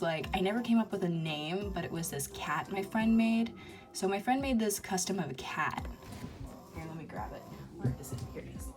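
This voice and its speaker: Woman vlogger, low voice, casual and rambling, filler-heavy. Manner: rambling, lots of ums and uhs. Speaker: toy-figure video maker. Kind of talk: casual chat.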